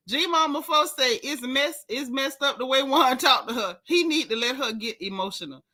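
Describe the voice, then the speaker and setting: High bright chatty woman. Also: moderate pace, hardly any pauses. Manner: animated, laughing, heavy slang. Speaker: host. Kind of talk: casual recap chat.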